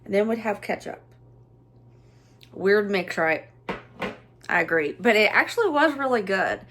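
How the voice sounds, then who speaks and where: A woman's voice: medium pitch, animated, unhurried, a bit bright, a little hiss or hum. A middle-aged woman with a Southern US accent, chatting nostalgically through a casual home cooking vlog and laughing often. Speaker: cooking vlogger.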